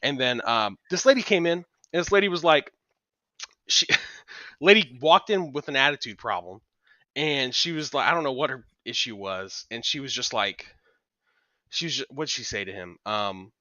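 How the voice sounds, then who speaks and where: Bright-voiced man rambling through a story. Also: medium pitch, lively intonation, normal speed, dry recording, dull audio. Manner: rambling storyteller, many fillers and restarts. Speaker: podcast co-host. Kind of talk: casual chat.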